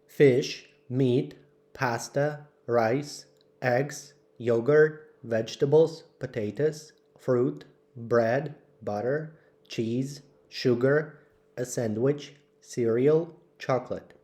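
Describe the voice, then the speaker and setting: A man slowly reading out English vocabulary lists for learners, word by word with clear pauses. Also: mid-range voice, dark tone. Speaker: English teacher. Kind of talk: slow vocabulary drill.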